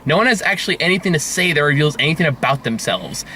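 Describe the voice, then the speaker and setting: A man's voice: a little high, lively intonation, fast talker, bright, forceful tone, husky. A man in a casual movie review chat who laughs often, swears, and acts out lines in silly voices.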